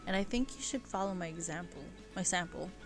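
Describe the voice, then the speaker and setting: A woman's voice: lowish voice, brisk, over music. A young woman casually reading her own story aloud on a live stream, often laughing and stopping to comment on it.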